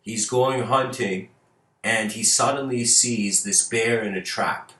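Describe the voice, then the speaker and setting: A man's voice: lowish voice, slow pace, pushed and bright, echoey room. A man whose first language is Persian, talking casually to viewers, rambling through fables with frequent laughs and restarted words.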